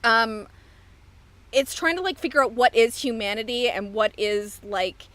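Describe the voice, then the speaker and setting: Chatty woman podcast host, fairly high voice. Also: expressive, a little slow, a bit bright. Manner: chatty, laughs easily, rambling. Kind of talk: casual podcast chat.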